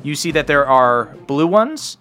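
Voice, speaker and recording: A man's voice: fairly high pitch, sing-song, unhurried, fairly bright tone. A man narrating as game master for a tabletop game with friends, laughing often and swearing casually.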